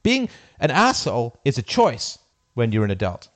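A middle-aged man hosting a call-in show, speaking emphatically in an impassioned monologue, jumping from loud peaks to low muttered asides. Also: wildly swooping pitch, moderate pace, no echo.

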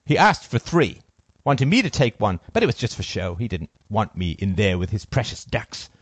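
A man narrating a first-person story in a cold, deliberate, sardonic manner. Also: lowish voice, big pitch swings, husky, no echo.

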